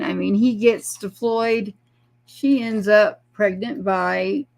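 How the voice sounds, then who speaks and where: Middle-aged Texan mom guest, mid-pitched with some fry, tells an emotional story and acts out the voices she quotes. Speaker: guest, military mother.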